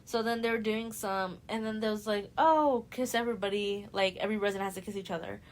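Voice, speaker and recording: Animated young woman recapping a story. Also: medium pitch. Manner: animated storytelling, quick voices for characters, laughs often. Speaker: podcast host. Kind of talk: casual book recap chat.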